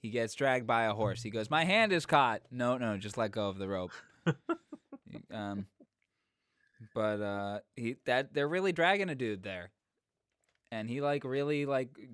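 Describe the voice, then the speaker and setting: A man's voice: lowish voice, smooth, no echo, studio quality. A man co-hosting a podcast, chatting casually and jokingly about a movie he just watched. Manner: jokey, riffing, quick asides. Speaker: podcast co-host. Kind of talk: casual movie review chat.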